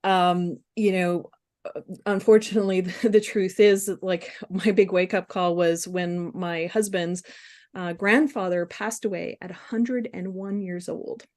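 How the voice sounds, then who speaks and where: A woman speaking candidly as a webinar guest, halting with fillers and restarts. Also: lowish voice, fairly even intonation, a little mellow. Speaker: guest speaker on compassion fatigue. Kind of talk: casual webinar conversation.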